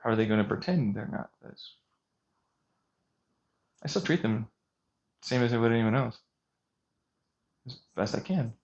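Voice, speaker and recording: A man's voice: medium pitch, expressive, unhurried, long pauses, darkish tone. Ranting man on a dull recording. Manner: agitated, ranting, sarcastic. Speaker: vlogger. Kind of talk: intense monologue rant.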